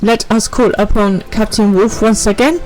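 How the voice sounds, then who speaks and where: An earnest scholar mage speaks in a raised, formal and courteous voice, as a woman reads the part aloud. The old-fashioned phrasing is carried a little louder than her usual talk. Faint game music sits behind it. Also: mid-range voice, fairly even intonation, moderate pace, voice pushed up, close to an everyday voice, low-quality recording.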